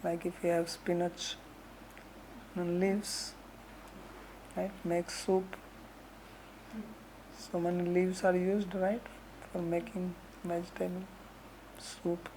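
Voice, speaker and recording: A woman who teaches scripture verses, explaining them slowly with homely examples and frequent "right?" asides. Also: on the low side, flat delivery, mellow, slight background noise, rough recording. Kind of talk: lecture on Sanskrit verses.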